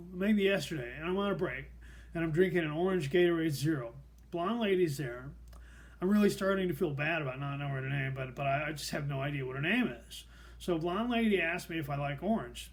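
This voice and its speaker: Middle-aged man, host, somewhat high voice, deadpan wry storytelling, self-mocking. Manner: dry, wry and self-deprecating. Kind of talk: personal storytelling monologue.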